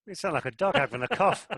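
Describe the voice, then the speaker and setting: A man's voice: on the low side, bright, forceful tone, slight background noise. A man co-hosting a podcast in casual chat, jokey and bantering. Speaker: podcast co-host.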